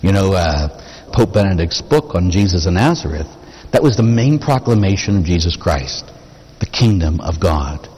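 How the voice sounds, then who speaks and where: A man's voice: low voice, expressive, normal speed, darkish tone, husky. A man preaching a sermon as a Catholic priest, talking conversationally and posing rhetorical questions to the congregation. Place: church. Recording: long reverb of a church.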